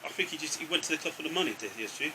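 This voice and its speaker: A man's voice: on the high side, expressive, racing, noisy background. A middle-aged man, a father ranting about football in casual banter, tacking "mate" onto nearly every phrase. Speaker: co-host, father.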